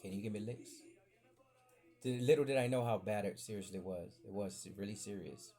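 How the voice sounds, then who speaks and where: A man's voice: on the low side, moderate pace. A man hosting a podcast, telling a rambling childhood story in casual chat, acting out the people he quotes. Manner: rambling, animated, acts out voices in quotes. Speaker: podcast host.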